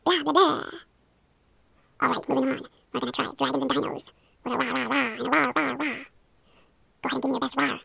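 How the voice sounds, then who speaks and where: A woman's voice: high-pitched, flat delivery, fast talker, creaky, pushed and bright, husky, no room sound. A young woman leading a playful hypnosis role-play, coaxing and encouraging the listener. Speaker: hypnosis guide.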